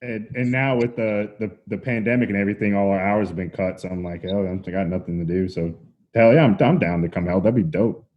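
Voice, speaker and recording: A man hosting a podcast, telling anecdotes in an animated, profane, rushing way. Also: lowish voice, lo-fi sound. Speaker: podcast host. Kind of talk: casual storytelling chat.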